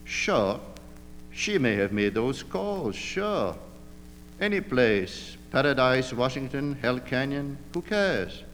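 A man's voice: medium pitch, sing-song, slow, a bit bright, in a large hall, soft background music, exaggerated voice. A man reading an audiobook, voicing a drunken, blustering man with a drawling, oddly feminine manner. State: drunk and rambling. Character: drunken blustering man, effete, mocking and evasive.

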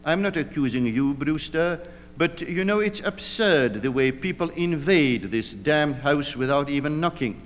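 A man with a slightly high voice and lively intonation reads an audiobook at an unhurried pace, playing a drunk, rambling blowhard whose drawl is effete, mocking and evasive. The recording has a long reverb tail and a little hiss or hum.

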